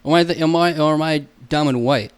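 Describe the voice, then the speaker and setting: A man's voice: on the high side, quick pace, clear, resonant tone. A young man hosting a solo podcast alone in a room, goofy and self-mocking, rambling and swearing a lot.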